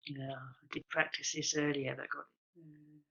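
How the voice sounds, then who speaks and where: A man's voice: a little high, level tone, normal speed, gravelly, pushed and bright, lo-fi sound, a little hiss or hum. A man giving an online conference presentation over a video call, explaining projects with lots of ums and uhs. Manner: explanatory, filler-heavy with many ums and uhs.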